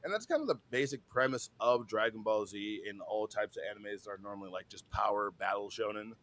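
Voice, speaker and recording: A tired man co-hosting a podcast in casual chat, excitable and swearing a lot, often trailing off mid-thought. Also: fairly low pitch, brisk, hardly any pauses. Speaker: podcast co-host.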